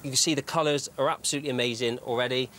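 A man's voice: medium pitch, steady tone, very fast, fairly bright tone, a little hiss or hum. A man demonstrating a recipe on a TV show, chatty and full of tips. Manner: chatty, upbeat, giving tips. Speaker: TV chef. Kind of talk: cooking demonstration. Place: TV studio kitchen.

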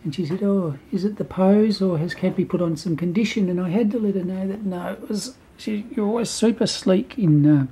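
Older guy doting on his cat, very husky breathy voice, mellow and low-ish. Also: a little fast, few pauses. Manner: doting and chatty, drifts between cooing and soft whispering. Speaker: cat owner filming a video. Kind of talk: casual home video, cooing to a pet.

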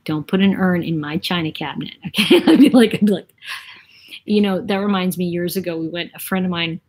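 A woman talks to her livestream audience in a loose, rambling way and reads out viewer comments as she goes. Her voice sits a little low and has a husky, breathy grain, and she laughs easily between stories. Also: brisk, a little mellow, low-quality recording. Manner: chatty, rambling, laughs often. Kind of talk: casual live-stream chat.

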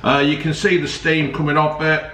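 A man's voice: a little high, little pitch movement, fairly quick, sharp tone, distant mic. A man chatting casually and joking as he reviews ready meals at home, swearing now and then. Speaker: food reviewer vlogger. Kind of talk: casual food review chat. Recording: roomy sound from off the mic, faint noise.

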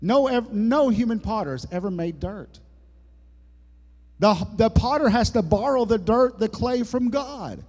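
Male pastor, high voice, unhurried folksy sermon, church echo. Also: lively intonation, a little mellow. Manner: folksy preaching with jokes and sudden dramatic drops in volume. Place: church sanctuary. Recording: long church hall reverb.

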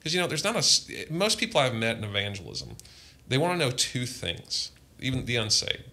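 A man's voice: mid-range voice, very animated, brisk, gravelly, bright, forceful tone. A man, a pastor, telling earnest personal testimony in a podcast conversation. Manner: earnest, impassioned storytelling.

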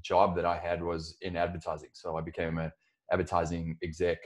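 A man's voice: deep voice, monotone, fairly quick. A man in his forties from South Africa with a South African accent, a podcast guest talking casually about his career with frequent restarts and fillers. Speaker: podcast guest, software co-founder. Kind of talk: casual interview.

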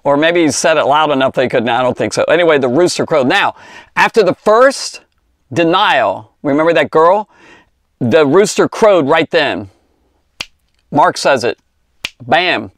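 A man gives an informal Bible lesson for children, talking in a loose, rambling way and stretching out the words he wants to stress. His voice sits a little high, and the recording is dry with almost no room sound. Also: animated, measured pace, pauses often, no room sound. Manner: rambling, conversational, with many fillers and asides. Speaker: Bible teacher for kids.

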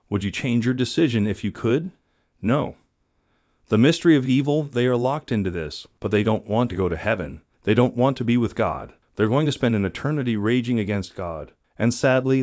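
A man with a very low voice reads a scripted narration plainly and earnestly. The sound is dry and close, with no room around it. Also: a little mellow, no room sound. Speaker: channel narrator presenting clips.

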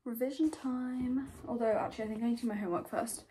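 A woman's voice: a little high, fairly even intonation, fast talker, heavy background noise. A teenage girl vlogging at home in casual chat, gushing and dramatic, swearing freely.

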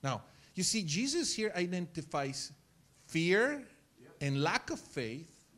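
A male pastor preaching a sermon in church, telling stories with lively acted-out scenes and repeating words as he gets excited. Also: high voice, slow pace. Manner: animated storytelling, acts out scenes.

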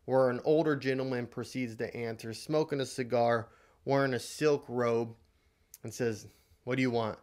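A man vlogger tells a motivational story with animated, dramatic delivery. His voice sits at a mid male pitch. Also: moderate pace.

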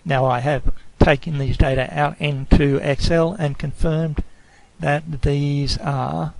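A man giving a screencast tutorial on a statistics program, explaining slowly and carefully, sometimes correcting himself mid-sentence. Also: on the high side, steady tone, vocal fry, a little mellow, dry recording, rough recording. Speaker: lecturer.

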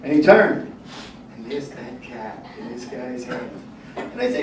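A man's voice: mid-range voice, big pitch swings. A man doing a stand-up comedy set on a club stage, telling stories with wry timing. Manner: wry storytelling with punchline pauses. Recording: echoey room from a distance, noisy.

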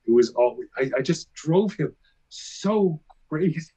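A man telling animated, self-mocking anecdotes as a guest in a casual interview. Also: fairly high pitch, takes it slowly, slightly rough.

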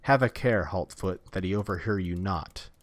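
A fierce, pitiless god enforcer, read out by a man in a lowish voice, taunting and barking orders. The lines come from a storybook reading with a dry, close sound. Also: moderate pace, no echo, natural voice. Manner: harsh, taunting commands.

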